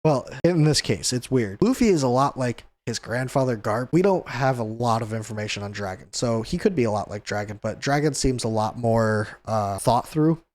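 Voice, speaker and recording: Male host, mid-pitched, casual rambling review talk with frequent chuckles. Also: animated, normal speed, few pauses, a little mellow. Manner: rambling, chuckles often, acts out the characters. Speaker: host of a manga review channel. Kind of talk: casual chapter review chat.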